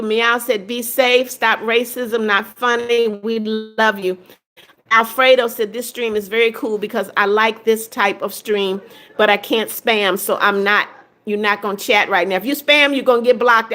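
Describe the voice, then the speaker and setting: Woman in her seventies, slightly high voice. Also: a bit bright. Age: 70s. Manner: reads viewer comments aloud and answers each one briefly. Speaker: livestream host. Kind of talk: casual live-stream chat.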